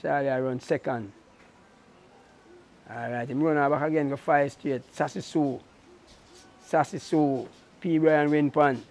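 A man's voice: fairly high pitch, fairly even intonation, unhurried, pauses often, darkish tone. A middle-aged man, a racehorse trainer telling stories in an interview, acting out other people's lines as he goes. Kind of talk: casual storytelling interview.

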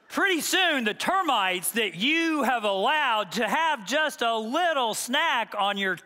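A man's voice: very high voice, pushed and bright, big-room sound. A man preaching a sermon as pastor, talking conversationally and acting out quoted asides. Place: church sanctuary.

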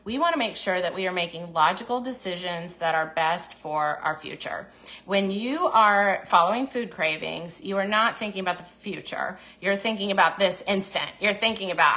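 A diet program host runs a casual livestream, speaking encouragingly about food choices, reading viewer comments aloud, and acting out little inner voices in quotes. Her medium-pitched voice is sing-song, pushed and bright, at a normal speed.

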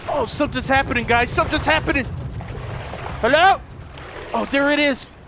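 High-voiced, excitable man playing a game. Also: normal speed, noisy background. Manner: excitable, swears, talks to the viewers, shouts at the game. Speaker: gaming video host. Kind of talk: let's play commentary. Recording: game sounds loud behind the voice.

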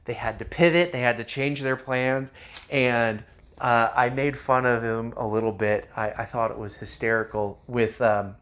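Man, gameplay commentary, casual, lots of ums, middle pitch. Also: fairly even intonation, moderate pace, a bit bright. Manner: casual, many ums and uhs. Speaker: strategy game player.

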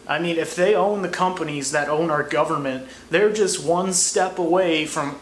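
A man's voice: fairly high pitch, moderate pace. Crude, sarcastic young comedian, man. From United States. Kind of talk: comedy monologue. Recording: echoey room, faint noise.

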